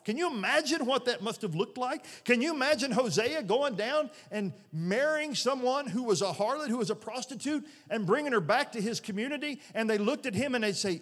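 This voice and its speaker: A man's voice: extremely high pitch, very animated, a little fast, a bit bright. A middle-aged male pastor preaching an earnest, conversational sermon in a church, often restarting his phrases. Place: church sanctuary. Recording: long reverb of a large hall.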